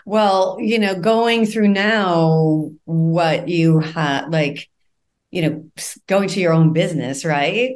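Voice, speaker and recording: A woman's voice: fairly low pitch, slow. A woman hosting a podcast interview, asking questions in a casual, rambling way full of fillers. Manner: rambling, casual, lots of fillers like "you know". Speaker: podcast host.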